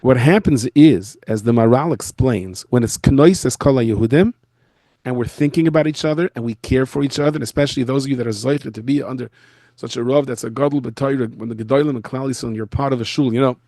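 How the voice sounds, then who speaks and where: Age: adult. Sex: man. Role: rabbi lecturing. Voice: gravelly, dry. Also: mid-range voice, fast, no echo. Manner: animated storyteller who acts out the people he quotes. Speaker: rabbi giving an annual lecture. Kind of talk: storytelling lecture. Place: his office in a school.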